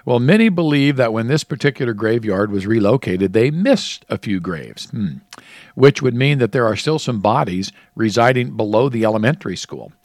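A man co-hosts a relaxed talk show, reading out odd facts in a chatty way and laughing along. His voice sits at an ordinary pitch, recorded close and dry. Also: normal speed, no room sound. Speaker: co-host. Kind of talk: casual radio chat reading trivia.

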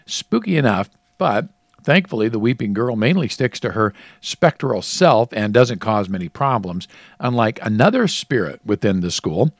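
A man's voice: lowish voice, animated, normal speed, no echo. A man co-hosting a casual radio-style chat, reading out spooky stories and trivia facts and laughing often. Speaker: co-host.

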